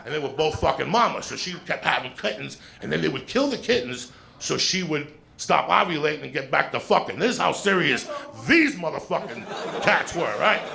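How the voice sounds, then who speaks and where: A man's voice: fairly high pitch, fairly quick. A man doing stand-up, telling a long story in a blunt, profane, conversational way. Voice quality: gravelly. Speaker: stand-up comedian. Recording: played clip with steady background noise.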